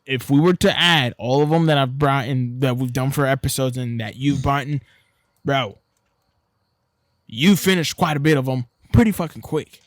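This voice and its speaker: A man's voice: mid-range voice, normal speed, no echo. A man co-hosting a podcast, chatting casually, cursing often and acting out voices when he retells things. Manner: loud, profane, animated when retelling, does voices of others. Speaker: podcast co-host. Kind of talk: casual chat.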